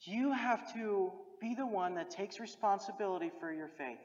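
A preacher delivers a sermon in a direct, exhorting way and hammers home points by repeating them. The voice sits at an ordinary middle pitch. The sound is dull and muffled, with a long echo from a large hall. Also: moderate pace.

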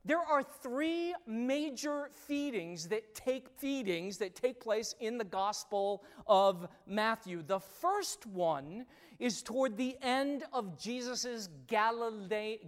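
Lively preacher, pitch jumps all over, hammering points with repetition, big echoey sanctuary. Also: takes it slowly. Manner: animated, emphatic repetition, addresses congregation directly. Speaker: pastor. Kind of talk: sermon. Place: church sanctuary. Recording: long reverb of a large church hall.

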